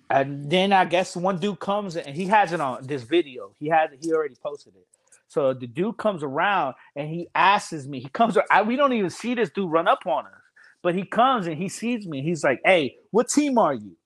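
A man telling loud, animated stories from a game in casual podcast chat, laughing often and swearing freely. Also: on the high side.

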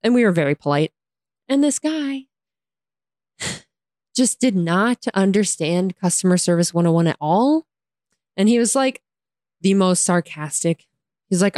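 A woman's voice: medium pitch, lively intonation, normal speed, darkish tone, dry recording, clean studio sound. A young woman telling a frustrating story in a casual storytime rant, exasperated, often breaking into laughter and swearing, with lots of "like". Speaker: vlogger.

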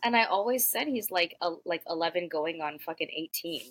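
A woman's voice: lowish voice, lively intonation, a little fast, a bit bright, poor audio. A woman co-hosting a podcast in casual chat, supportive and swearing freely. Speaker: podcast co-host.

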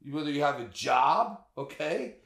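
Male podcast co-host, mid pitch, very lively delivery, swears freely, keeps asking "right?" and "okay?", echoey room. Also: a little slow, creaky. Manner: animated, profane, rhetorical questions. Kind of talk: casual political chat.

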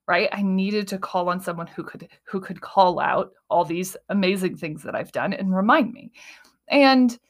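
A young adult woman hosting a solo podcast in a casual, animated way, acting out her inner voices and often asking "right?". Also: medium pitch. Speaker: podcast host.

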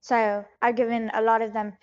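A woman's voice: on the high side, level tone, moderate pace, darkish tone, lo-fi sound, lightly acted. A woman improvising a bumbling scammer who poses as a doctor, rambling and switching accents. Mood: scheming. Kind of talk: improvised comedy interview.

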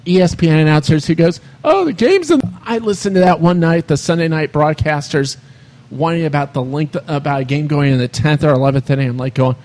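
A man with a slightly higher voice chats about sports on a podcast. He wanders through long anecdotes, padding them with "you know" and "I mean". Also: flat delivery, fast talker, darkish tone. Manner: rambling storyteller, full of "you know" and "I mean". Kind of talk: casual sports chat.

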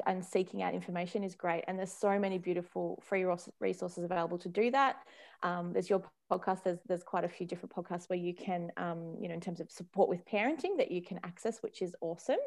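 A woman's voice: lowish voice, darkish tone. A woman in her thirties, a parenting consultant, chatting casually as a podcast guest, laughing often and acting out little quoted voices. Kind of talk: casual conversational chat.

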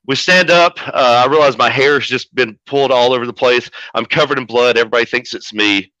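Cussing wrestling manager guy spinning a story, sharp bright voice, dull lo-fi audio. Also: mid-range voice, a little fast, dry recording. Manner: profane, animated storyteller. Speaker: wrestling manager, podcast guest. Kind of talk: casual storytelling.

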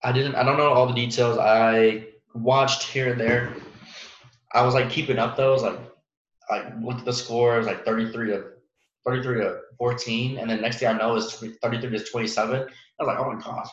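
A man's voice: mid-range voice, steady tone, fairly quick. A young man hosting a casual solo sports podcast, rambling with lots of fillers and restarts and laughing at his own jokes. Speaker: podcast host. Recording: roomy, muffled home recording.

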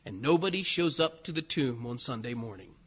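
A man preaching a sermon to a congregation in an animated, conversational way. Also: mid-range voice, brisk, slightly rough. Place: church sanctuary. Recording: hall reverb.

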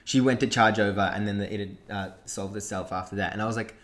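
A man's voice: lowish voice, quick pace. Young Australian man telling stories. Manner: animated, laughing storyteller with frequent restarts. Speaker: podcast co-host. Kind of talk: casual chat, storytelling.

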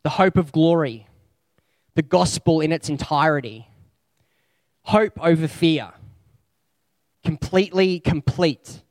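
A man's voice: a little high, slow, pauses often, darkish tone, dry recording. Man preaching a conversational sermon. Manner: conversational, reflective, with spoken lists.

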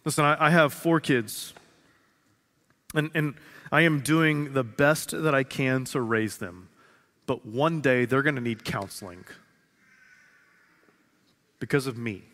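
A man in his thirties preaching a sermon to his congregation, earnest, repeating phrases slowly for emphasis and dropping from loud to hushed. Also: mid-range voice. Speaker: pastor. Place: large church sanctuary. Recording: long reverb of a large hall.

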